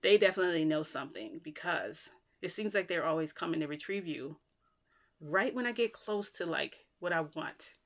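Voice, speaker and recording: A woman's voice: on the low side, lively intonation, normal speed. Woman relaying a bargaining male fallen angel. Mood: scheming.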